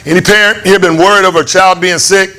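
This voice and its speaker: A man preaching a conversational, animated sermon in church, acting out lines of the story. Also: sits high, quick pace. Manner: animated, conversational, acts out voices with laughs. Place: church hall.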